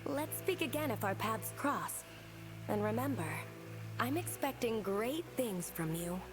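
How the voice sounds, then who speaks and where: An actress playing a friendly, encouraging woman at an academy, gently playful in a video game. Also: on the high side, lively intonation, unhurried. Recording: game dialogue over music.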